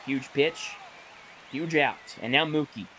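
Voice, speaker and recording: A man casually calling the plays of a baseball video game he is playing, chatty and self-correcting, with bursts of excitement on big plays. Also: mid-range voice, unhurried, a little hiss or hum, rough recording. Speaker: gaming YouTuber. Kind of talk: casual play-by-play while gaming.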